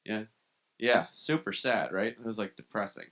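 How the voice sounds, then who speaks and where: Male stand-up comic, slightly low pitch with a bright, forward tone, dark self-mocking crowd work. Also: normal speed. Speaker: stand-up comedian. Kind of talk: live stand-up set. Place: comedy club room.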